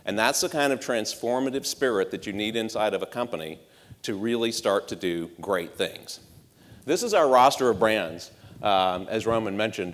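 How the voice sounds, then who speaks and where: A man's voice: lowish voice, fairly bright tone. A middle-aged man giving a conference keynote, punchy, with rhetorical questions and dry sarcastic asides. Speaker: marketing executive giving a conference talk. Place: large conference hall. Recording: hall reverb from a stage.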